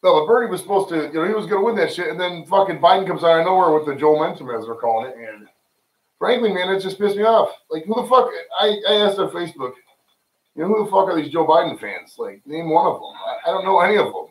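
This livestream host speaks fast and animated in a fairly high voice, rambling and joking with lots of profanity. He is at home in a room with friends, and the distant mic captures a roomy sound.

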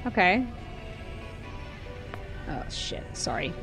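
A woman streamer playing a video game live, talking playfully, reacting loudly and laughing. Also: on the low side, big pitch swings, slow, music in the background. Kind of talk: live gameplay commentary.

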